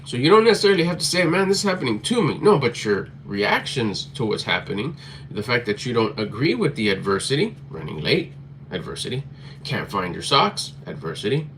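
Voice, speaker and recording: A man with a slightly low voice gives a motivational talk, blunt and emphatic, with plenty of swearing. He repeats his points over and over, and a faint hum of room ambience sits behind him. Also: very animated, brisk, fairly bright tone. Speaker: motivational vlogger.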